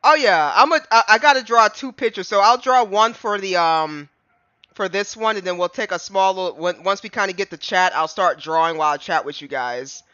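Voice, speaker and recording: A man's voice: sits high, a little fast, bright, forceful tone, smooth, no room sound, lo-fi sound. A man streaming a game live, chatting casually and rambling to his chat between fits of giggles.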